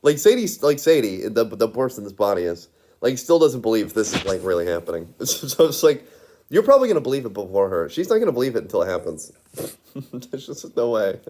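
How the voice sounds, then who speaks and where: Constantly saying "like" and giggling frequently, a man rambles through a casual monologue, restarting often. His voice is on the low side, very animated, brisk, and a little mellow.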